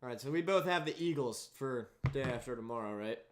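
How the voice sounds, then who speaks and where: A man's voice: medium pitch, animated, fairly quick, background noise. A young man hosting a sports podcast, chatting casually about football picks in an easygoing way with lots of fillers. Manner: easygoing, laughs often, hesitant fillers.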